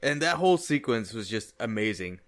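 A man on a casual podcast retelling scenes with animated storytelling, laughing often. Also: lowish voice, brisk. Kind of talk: casual chat.

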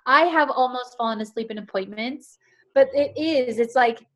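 Higher-voiced woman telling an animated story. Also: moderate pace. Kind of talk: casual storytelling.

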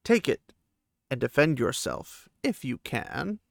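A man's voice: medium pitch, huge pitch swings, slow, creaky, dry recording, studio quality, heavily acted. A man putting on a mocking ancient sorcerer. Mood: menacing. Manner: cold, mocking and threatening. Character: ancient scornful male sorcerer villain.

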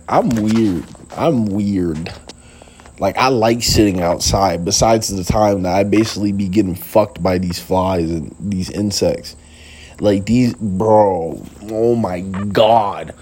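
A man's voice: on the low side, takes it slowly, darkish tone, slightly rough. A young man hosting a casual late-night talk, rambling in slang with lots of fillers and laughs, sitting outdoors. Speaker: podcast host.

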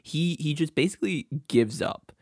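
A man's voice: fairly high pitch, expressive, moderate pace, no echo, studio quality. A man co-hosting a podcast in casual chat, rambling and laid-back, chuckling often. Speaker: podcast co-host.

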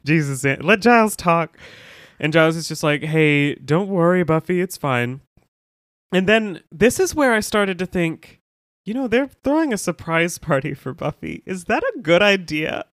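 A man co-hosting a podcast, chatting casually and animatedly, with a slightly high voice. He swears freely and drops into quick put-on voices when retelling scenes. The sound is dry and close. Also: sing-song, fairly bright tone, no echo. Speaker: podcast co-host. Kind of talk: casual chat recapping an episode.

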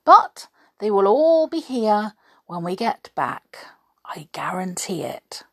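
A woman voicing a kind, calm male cartoon mouse in a children's storybook reading. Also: mid-range voice, takes it slowly, no room sound, clean studio sound, heavily acted. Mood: reassuring. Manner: gentle, reassuring.

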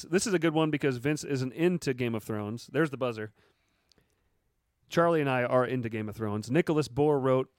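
Male podcast host, casual and joking, mid-pitched voice, dry close mic. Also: no echo. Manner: joking, reads listener questions aloud.

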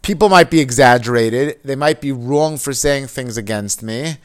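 A man's voice: mid-range voice, normal speed, clear, resonant tone. A man teaching a Hebrew mussar text, reading passages aloud and explaining them in casual full of "you know". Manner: reads Hebrew text aloud, then explains it in casual English with many fillers. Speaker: Torah teacher.

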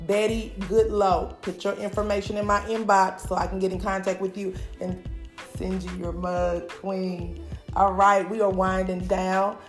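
An animated woman runs a casual live stream, calling out to her viewers and urging them on. Her voice sits at a middle pitch and rings in a roomy space, with music playing faintly behind her. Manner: lively, hypes viewers, drawn-out calls.

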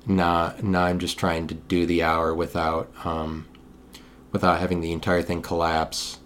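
A young man hosting a solo podcast, talking in a meandering monologue with frequent restarts, sometimes getting loud when riled. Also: sits low, flat delivery, unhurried, a little hiss or hum. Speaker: podcast host.

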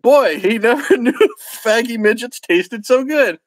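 A man with a high voice reads a crude comic story aloud for his podcast, chuckling at it and stumbling on the odd word. The sound is dry and close, with no room around him. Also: lively intonation, a little slow, no room sound, low-quality recording. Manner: laughing at his own reading, stumbling over words. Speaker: podcast host.

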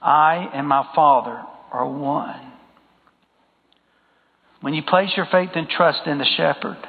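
Male preacher, slightly high gravelly voice, sermon to a congregation, thin phone-like sound in a reverberant church. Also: unhurried. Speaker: pastor. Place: church sanctuary. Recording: tinny phone-like sound with long hall reverb.

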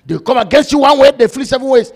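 Brief: emphatic pastor preaching, high voice with a husky rasp. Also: male voice, animated, fast talker, darkish tone. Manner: emphatic preaching, quoting scripture. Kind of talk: sermon with testimony.

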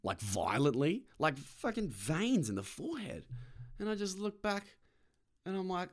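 A man's voice: high-pitched, sing-song, unhurried. A young Australian man hosting a casual podcast from his car, ranting and swearing freely, and putting on other people's voices. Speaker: podcast host. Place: parked car.

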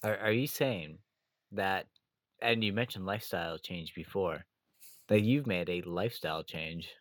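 A man's voice: low-pitched, measured pace, no echo. A man hosting a podcast, asking questions in a teasing way and often repeating his starts. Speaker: podcast host. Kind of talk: casual interview chat.

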